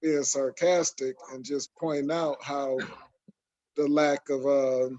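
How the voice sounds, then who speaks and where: A man's voice: mid-range voice, level tone, slow pace, a little mellow. A man from Michigan hosting a casual podcast chat, talking in long rambling stretches full of fillers. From Michigan, USA. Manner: rambling, many fillers and restarts. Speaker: podcast host. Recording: dull lo-fi sound.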